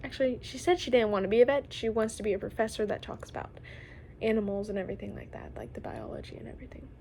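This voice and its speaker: A woman's voice: mid-range voice, quick pace, gravelly, darkish tone, slight background noise. A young woman vlogging a rambling, confessional monologue, often trailing off and sometimes dropping into a whisper.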